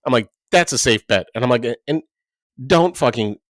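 A man's voice: mid-range voice, animated, moderate pace, dry recording. Rambling, profane man telling stories. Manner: rambling, profane, full of "like" and quoted dialogue. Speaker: podcast co-host. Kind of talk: casual storytelling chat.

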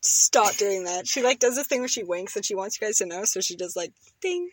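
A woman's voice: mid-range voice, fairly quick, husky, no echo. A young woman co-hosting a casual podcast, rambling, giggling and cutting herself off mid-sentence. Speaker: podcast co-host. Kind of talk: casual chat.

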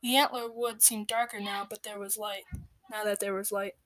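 A woman narrating a children's story in a measured, expressive way that drops into hushed tones. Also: medium pitch. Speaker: storybook reader.

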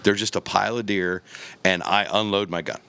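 A man's voice: low voice, steady tone, brisk, gravelly, sharp tone, clean tone. A man on a podcast telling a long story in casual chat, acting out the quotes and the gunshots as he goes.

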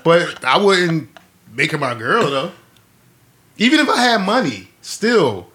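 A man's voice: on the high side, very animated, fairly bright tone. A man in his forties co-hosting a casual podcast chat, joking and drawing out his words. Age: 40s. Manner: joking, drawn-out delivery. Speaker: podcast co-host.

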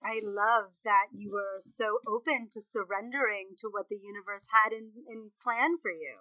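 A woman's voice: medium pitch, moderate pace, bright, forceful tone, dry recording, low-quality recording. A woman hosting an interview, effusive and reactive to her guest. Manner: effusive and reactive, gasps and laughs along. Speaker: podcast host. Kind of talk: casual conversational interview.

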